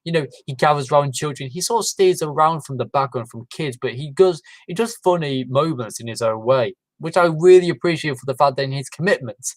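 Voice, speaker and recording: A man's voice: on the high side, fairly quick, few pauses, no room sound, poor audio. A man hosting a casual livestream, rambling with many fillers and restarts. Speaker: livestream host. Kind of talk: casual chat.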